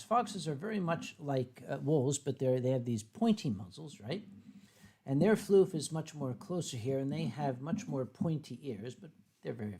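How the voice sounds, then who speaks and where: While drawing viewer requests on his livestream, a man keeps up a playful, meandering chat packed with fillers. He has a mid-range, husky voice with a darkish tone.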